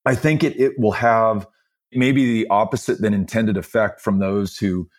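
A middle-aged man speaks as a podcast guest, earnest and quick to laugh. He tells stories at length. His voice sits a little low for a man. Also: fairly even intonation. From Texas. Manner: earnest storyteller, laughs easily. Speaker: guest, political candidate. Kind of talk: podcast conversation.

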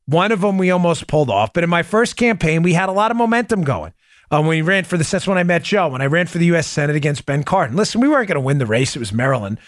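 A male podcast host with a high, lively voice that leaps up and down as he drives each point home. He talks straight to his listeners, repeats key phrases for punch and breaks into laughter often. The sound is close and dry, with no room around it. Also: fast, no room sound. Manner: addresses listeners as "folks". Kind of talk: political commentary podcast.

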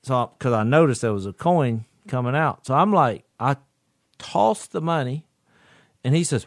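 A man's voice: mid-range voice, moderate pace, no room sound. Guy telling a story, folksy, lots of ups and downs, dry sound. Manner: folksy, animated, laughs through his stories. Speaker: podcast co-host. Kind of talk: casual storytelling chat.

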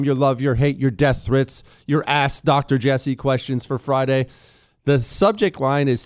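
A man's voice: medium pitch, normal speed, no room sound, clean studio sound, faint music behind. A man hosting a talk radio show, speaking in a blunt, sarcastic, conversational way while losing his voice. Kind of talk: opinionated talk radio monologue. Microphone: studio microphone.

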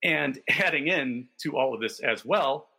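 Bright husky man talking baseball. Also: medium pitch, expressive, unhurried. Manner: detailed, enthusiastic storytelling with stats. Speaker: podcast co-host. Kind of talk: casual sports chat.

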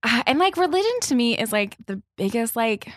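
Expressive woman podcast host. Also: on the high side, a little fast, no echo, clean studio sound. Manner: chatty, laughs easily. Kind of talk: casual interview chat.

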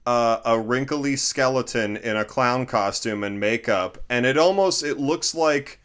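A man with a smooth, resonant voice chatting as a podcast co-host. He talks in halting bursts, stumbling and restarting, and keeps slipping in dry, sarcastic jokes about a film. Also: mid-range voice, fairly bright tone. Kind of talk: casual chat reviewing a film.

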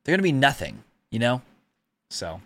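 A man's voice: mid-range voice, big pitch swings, moderate pace, a bit bright. A man co-hosting a podcast in casual chat, crude and joking. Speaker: podcast co-host.

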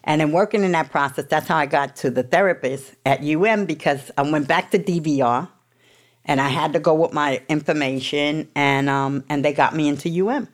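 A woman with a low voice speaks at a moderate pace about her own recovery. The New Yorker addresses an audience frankly, swearing and getting emotional as she goes.

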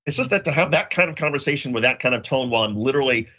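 Bright-voiced man telling a story. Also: mid-range voice, expressive, rapid-fire, muffled recording. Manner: storytelling, acts out quoted voices. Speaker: co-host. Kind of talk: casual podcast chat. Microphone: remote call.

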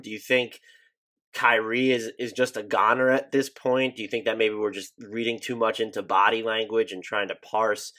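A man's voice: on the low side, little pitch movement, moderate pace, pushed and bright. A man hosting a casual sports podcast, thinking aloud in a conversational way and restarting his sentences. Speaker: podcast host.

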